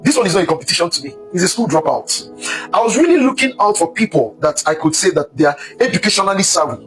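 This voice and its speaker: A man's voice: high voice, very animated, fast talker, a bit bright, faint music behind, rough recording. A man giving impassioned, preachy commentary, hammering his points with repetition. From Nigeria. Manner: emphatic, preachy, repeats points.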